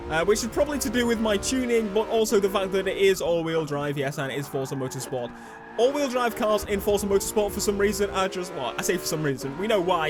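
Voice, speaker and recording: A young man rambling through racing game commentary, excitable and swearing, shouting when things go wrong. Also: high-pitched. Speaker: gaming YouTuber. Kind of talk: gameplay commentary.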